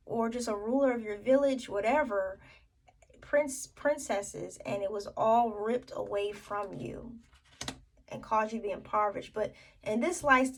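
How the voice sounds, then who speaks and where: A woman reads tarot cards for her viewers in a fairly high voice. She talks slowly, thinking aloud with plenty of fillers and restarts. She sits a little away from the mic, with faint noise behind her. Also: far from the mic, poor audio. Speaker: tarot reader.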